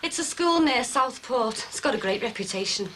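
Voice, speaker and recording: An actress playing a sharp-tongued, nagging wife and mother. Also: a little high, expressive, normal speed, noisy background, lightly acted. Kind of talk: soap opera acting.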